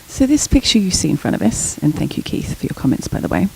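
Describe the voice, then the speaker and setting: A woman's voice: low-pitched, wildly swooping pitch, fast, vocal fry, warm tone, breathy edge, poor audio. A middle-aged woman giving an academic lecture, explaining terms and telling a short story from her own life. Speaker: guest lecturer.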